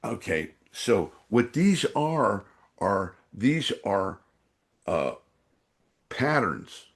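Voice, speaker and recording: A man's voice: lowish voice, big pitch swings, extremely slow. A man from San Francisco, a podcast guest and energy awareness trainer, rambling with many fillers as he acts out voices in his stories. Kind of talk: podcast interview storytelling.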